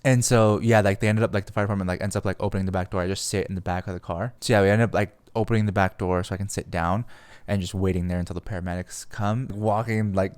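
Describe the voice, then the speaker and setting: Rambling low-voiced man, dry close mic. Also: fairly even intonation, fast, a little mellow, clean tone, no room sound. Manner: rambling, heavy on "like" fillers, swears freely. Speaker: podcast host. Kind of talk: casual storytelling.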